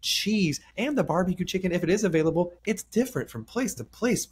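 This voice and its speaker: A man co-hosting a podcast, chatting casually and telling loud, profane stories with big animated swings. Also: high voice, fairly quick, few pauses, husky. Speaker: podcast co-host. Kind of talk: casual chat.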